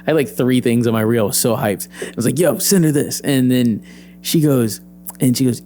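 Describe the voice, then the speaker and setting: A young adult man, an actor and PE teacher, telling his story as an interview guest, lively and acting out the voices he quotes. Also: mid-range voice, a little fast, soft background music.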